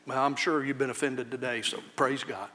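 A man, a pastor, preaching an impassioned sermon in church, swinging between loud high outcries and low, quiet warnings. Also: steady tone, moderate pace, a little hiss or hum.

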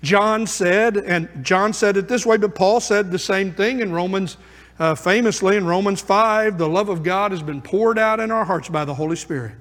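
A man's voice: high voice, normal speed, fairly bright tone. A man preaching a sermon in a church, fervent and building emphasis through repeated phrases. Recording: long reverb of a large hall.

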